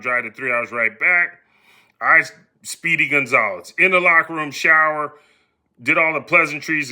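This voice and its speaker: A middle-aged man from the United States casually telling a personal story on his podcast, animated and acting out the voices of the people in it. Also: a little high. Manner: animated, acts out quoted voices.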